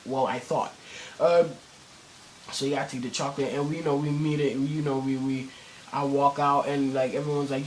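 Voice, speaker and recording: A man's voice: mid-range voice, fairly even intonation, normal speed, a little hiss or hum, rough recording. A teenage boy telling a story in a casual vlog, rambling with many fillers and restarts and plenty of cursing. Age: teens. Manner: cursing, slangy.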